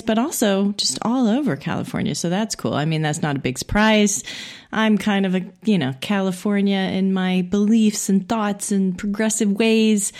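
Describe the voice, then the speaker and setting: A woman's voice: medium pitch, darkish tone. A middle-aged woman from Indiana hosting a podcast, making casual, friendly, self-deprecating announcements. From Indiana, USA. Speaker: podcast host.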